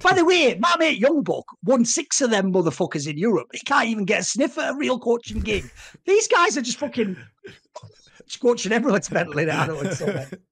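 A man giving casual esports podcast banter as an analyst, ranting in an animated way and swearing often. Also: high-pitched, fairly quick, slightly rough.

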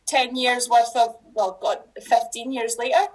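A woman's voice: a little high, fairly even intonation, a little slow, a little mellow, rough recording. A middle-aged woman from Scotland with a Scottish accent, a teacher talking casually as a podcast guest, chatty with frequent restarts and laughs.

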